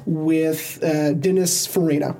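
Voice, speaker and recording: An animated co-host in a casual film chat, with a voice of middle pitch. This speaker tells movie scenes with lots of energy and often breaks into laughter in the middle of a sentence. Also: slow. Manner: animated storyteller, laughs while retelling scenes.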